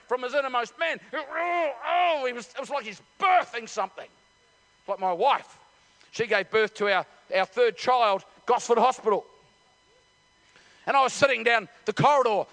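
A middle-aged preacher with a very high voice for a man. He tells the story with many stops and restarts and acts out the voices. His sermon builds into loud, desperate shouts. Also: moderate pace. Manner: animated storytelling, acting out voices. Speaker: pastor.

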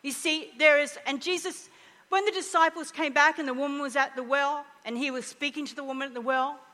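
A middle-aged woman preaching a conversational sermon, animated and humorous, sometimes dropping to a hushed voice for emphasis. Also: high-pitched, brisk, big-room sound.

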